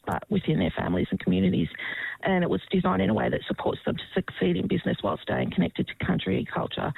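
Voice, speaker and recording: A woman's voice: mid-range voice, dry recording. A woman guest on a radio interview, explaining a program in an earnest way. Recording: rough phone-line sound.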